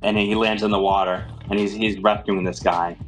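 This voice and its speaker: A man's voice: on the low side, flat delivery, normal speed, faint music behind. A man narrating as game master, loose and playful, often laughing.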